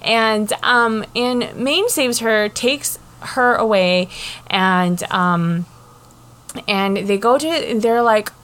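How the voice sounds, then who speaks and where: A woman's voice: on the high side, slow, fairly bright tone. A woman hosting a casual book chat, recapping the plot in a chatty way, with frequent swearing and fillers. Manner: chatty, profane, lots of fillers.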